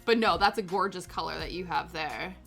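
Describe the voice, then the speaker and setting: This knitting streamer speaks briskly in a lowish, slightly bright voice with vocal fry. Sitting on her sofa at home with faint background music, she knits and rambles casually, laughing often.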